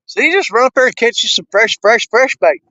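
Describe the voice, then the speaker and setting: A man's voice: extremely high pitch, lively intonation, brisk, sharp tone, dry recording. A man, chatting folksily to viewers while fishing outdoors on a windy riverbank, out of breath from walking. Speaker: fishing vlogger. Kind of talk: casual outdoor vlog. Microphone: camera mic. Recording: dull lo-fi camera audio.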